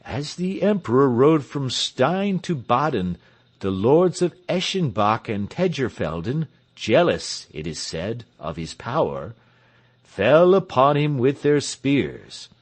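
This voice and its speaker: A man reading the part of a village pastor who relays grave news in a measured, serious way. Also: medium pitch, very animated.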